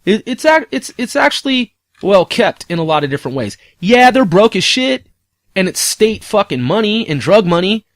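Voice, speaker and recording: Man, high voice, swearing rant, rhetorical questions, dry close sound. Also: sing-song, moderate pace, no room sound. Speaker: commentator. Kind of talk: casual ranting commentary.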